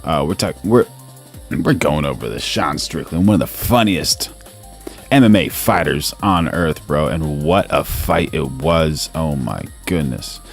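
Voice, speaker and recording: This man's voice is extremely deep, expressive and unhurried, with faint music in the background. Hosting a live stream, he offers relaxed news commentary, reads the chat out loud and calls everyone "bro."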